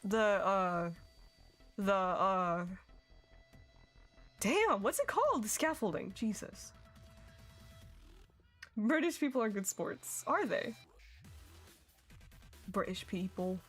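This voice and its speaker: A young woman with a fairly bright, sing-song mid-range voice takes her time, leaving long pauses as she chats and giggles on a game stream. She reacts to her chat while faint music plays.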